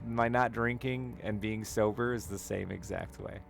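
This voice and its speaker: A man's voice: on the low side, steady tone, moderate pace, creaky, faint music behind. A man streaming and chatting with viewers, telling candid, rambling personal stories with frequent laughs. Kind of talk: casual chat with stream chat.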